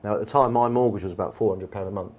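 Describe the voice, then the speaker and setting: An English football manager in a live on-stage conversation at a bar event, telling stories in a chatty, anecdotal way with plenty of fillers. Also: male voice, on the low side, racing, a little mellow. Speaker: football manager and guest speaker. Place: bar event room with an audience.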